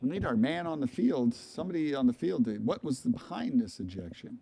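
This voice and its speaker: Man, baseball play-by-play, live commentary, chatty, rambling asides, mid-pitch voice. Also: very animated, brisk, vocal fry, mellow, husky.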